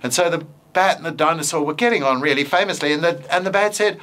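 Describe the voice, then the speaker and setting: A man giving a casual, playful talk on puppets in teaching, then narrating a simple story. His voice sits a little high and sounds bright and forceful, with faint noise behind it. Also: fast talker. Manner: playful, with frequent fillers and hesitations. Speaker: educator.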